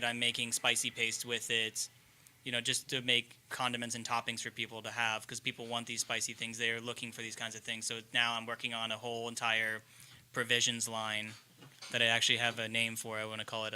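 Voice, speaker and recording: A man's voice: medium pitch, completely flat delivery, fairly quick, pushed and bright, clean tone. A man who runs a ramen business, explaining his cooking at length in a casual podcast conversation. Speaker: chef and ramen maker.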